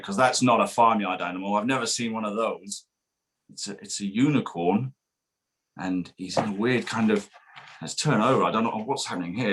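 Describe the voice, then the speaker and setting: A man's voice: on the low side, fairly bright tone. A man, a children's author, reading his picture book aloud to children at a bookshop event, playful and sing-song, demonstrating silly noises. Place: bookshop event streamed online.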